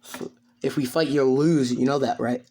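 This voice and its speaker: A man's voice: mid-range voice, fairly even intonation, moderate pace, dark tone, husky, close to an everyday voice. A man doing a snarky, cool young man.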